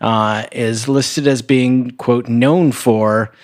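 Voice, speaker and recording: A man's voice: medium pitch, steady tone, drawn-out words. A man co-hosting a movie podcast, talking casually and bluntly with free swearing. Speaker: podcast co-host.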